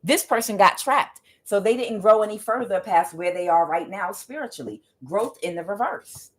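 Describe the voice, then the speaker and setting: A woman's voice: medium pitch, expressive, normal speed, husky. A woman tarot reader giving a spiritual reading in an emphatic, preachy way, with frequent fillers.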